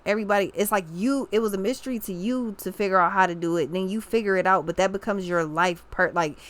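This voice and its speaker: A young woman talks through a tarot reading in a loose, casual way. She rambles, restarts her thoughts and leans on slang for emphasis. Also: mid-range voice. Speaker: tarot reader.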